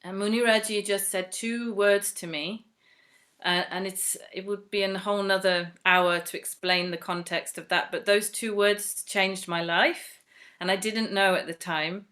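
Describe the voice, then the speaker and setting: A woman's voice: medium pitch, steady tone, a little slow, a bit bright. A woman from England telling a personal story, chatty and earnest with many fillers, acting out the voices of others as she goes. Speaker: devotee sharing a personal story.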